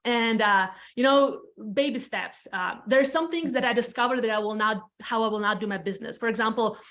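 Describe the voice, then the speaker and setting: A Latvian woman in her thirties who leads a real estate team tells her story as a podcast guest, speaking with a Latvian accent. Her voice is on the high side, brisk and fairly bright, and her candid, chatty storytelling includes casual swearing and repeated phrases for emphasis.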